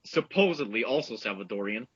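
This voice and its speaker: A man co-hosting a podcast in casual chat, animated and laughing as he talks. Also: mid-range voice, brisk, husky, no room sound. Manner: animated, laughs while talking. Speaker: podcast co-host. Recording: dull lo-fi dry audio.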